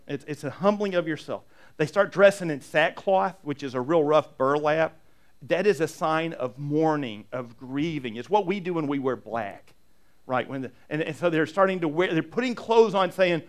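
A man preaching a sermon in a conversational way, repeating words and asking the congregation rhetorical questions. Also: a little high. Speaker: pastor.

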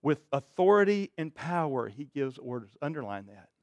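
A man preaching a sermon with a fairly high voice, close and dry with little room sound. He moves between reading scripture aloud and plain conversational comment. To stress a point he sinks low and quiet. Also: sing-song, moderate pace, no room sound. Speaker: pastor.

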